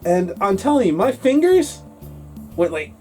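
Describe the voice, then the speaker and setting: A man co-hosting a casual English-learning talk show, telling a story in an animated way and acting out his younger self. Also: high-pitched, measured pace, soft background music.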